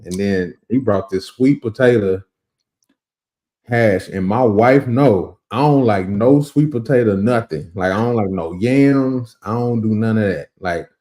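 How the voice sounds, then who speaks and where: A man's voice: on the low side, measured pace, warm tone. A man hosting a casual interview, asking loose, enthusiastic, rambling questions full of slang. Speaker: interview host.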